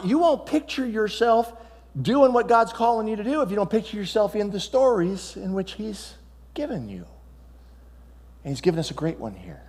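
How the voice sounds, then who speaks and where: A man with a high voice preaches a sermon, acting out Bible dialogue and asking his listeners questions along the way. His words ring out with long reverb, as if he were standing in a church sanctuary. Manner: animated preaching, acts out Bible dialogue, asks the crowd questions. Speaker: pastor.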